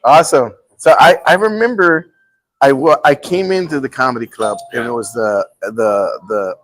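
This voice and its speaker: A man's voice: mid-range voice, normal speed, rough recording. A middle-aged man hosting a casual talk show, telling a story and acting out the quotes with laughs. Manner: animated, acts out quotes with laughs. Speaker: host.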